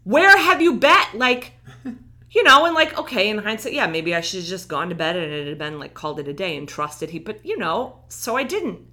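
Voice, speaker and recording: Bright-voiced woman telling a story. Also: on the low side, a little fast. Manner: animated storytelling, acting out quoted lines. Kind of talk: casual chat.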